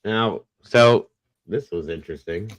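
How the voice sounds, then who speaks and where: A man's voice: on the low side, a little slow, dry recording, poor audio. A man hosting a casual chat who turns blunt and profane when he gets heated. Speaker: host.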